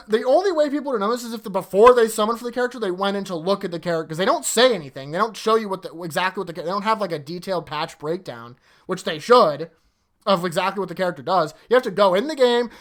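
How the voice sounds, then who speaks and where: A woman content creator rants about a game, exasperated and swearing freely. Her pitch swings widely as she talks, giving the rant an animated, restless energy. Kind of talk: ranting game commentary.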